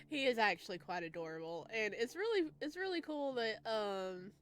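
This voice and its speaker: Lady youtuber playing a visual novel, jokey, reads story out dramatic, soft music behind. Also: fairly high pitch, very animated, normal speed, hardly any pauses. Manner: playful and joking, reads narration dramatically. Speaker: gaming youtuber. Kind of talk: visual novel playthrough with read-aloud narration.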